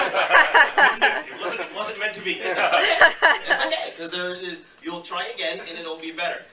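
A man in his thirties doing a stand-up set on a club stage, loud and swaggering, laughing through his jokes. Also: high-pitched, a little slow. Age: 30s. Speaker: stand-up comedian. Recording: echoey room, far-off mic, loud noise.

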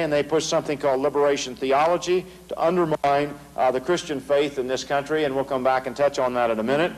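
A man's voice: a little high, poor audio. A middle-aged American man giving a political lecture to a large audience, emphatic and sarcastic, driving points home with repeated phrases. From United States. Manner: emphatic, sarcastic, rhetorical repetition. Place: large hall before an audience.

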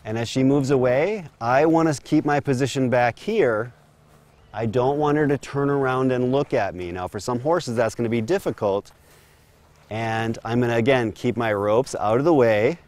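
A man giving a calm, steady instructional demonstration as a horse trainer, talking while working a horse in an outdoor round corral. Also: medium pitch, moderate pace.

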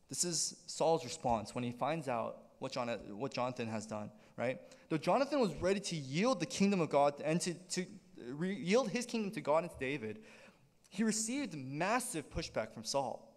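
A man preaching a sermon as pastor, in an animated style that keeps checking in with the congregation. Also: on the high side, moderate pace, long reverb tail. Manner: animated preaching with frequent "right?" check-ins. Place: church sanctuary.

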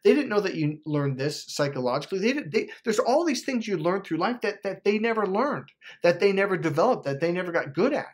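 A man in a passionate, profane motivational monologue, acting out quoted voices and swinging between loud urging and low muttering. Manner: acts out quoted voices of himself and others. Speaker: self-help vlogger.

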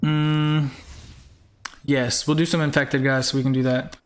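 A man's voice: medium pitch, flat delivery, a little slow. A young man hosting a live game stream in casual chat, greeting viewers by name and firmly repeating himself.

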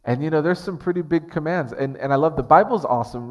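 A man's voice: mid-range voice, lively intonation, fast, hardly any pauses, highs cut off. A man preaching a sermon as pastor, earnest and conversational, often restarting his phrases. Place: church sanctuary. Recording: long church hall reverb.

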